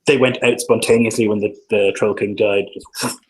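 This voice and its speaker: A man's voice: lowish voice, steady tone, normal speed, poor audio. A man narrating as game master of a tabletop game, hesitant with many fillers.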